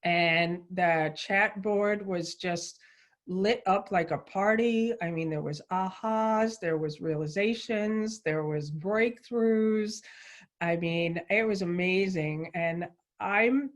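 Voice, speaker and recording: A woman's voice: on the low side, takes it slowly. Effusive woman hosting a livestream show. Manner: effusive and enthusiastic, chatty storytelling. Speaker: show host.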